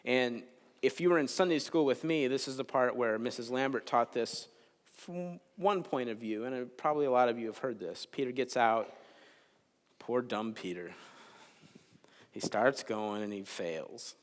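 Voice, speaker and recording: A man giving a chapel sermon in a relaxed, conversational way, telling a Bible story with jokes. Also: mid-range voice, a little slow. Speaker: chapel speaker. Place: large chapel. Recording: long hall reverb in a chapel.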